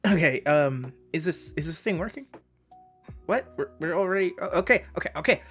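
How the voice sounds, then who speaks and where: Chill game theory host, jokey self-roasting tangents, quiet music behind. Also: medium pitch, animated, normal speed. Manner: joking, self-deprecating, rambling asides. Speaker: channel host. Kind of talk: casual game theory commentary.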